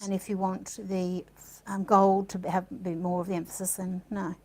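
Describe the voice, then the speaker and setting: A woman's voice: lowish voice, flat delivery, moderate pace, a little mellow, rough recording. A woman giving a casual art demonstration, chatting and thinking aloud as she works, with delighted little gasps. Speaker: art supplies presenter.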